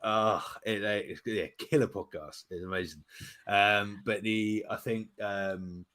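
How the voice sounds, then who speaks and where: A British man with a lowish voice chats on a podcast, joking around and rambling through fillers and restarts. His talk is casual and friendly, sliding from teasing into his point. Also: fairly even intonation, measured pace, bright, forceful tone. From United Kingdom. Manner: jokey, laughing, rambling with fillers. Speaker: podcast guest co-host.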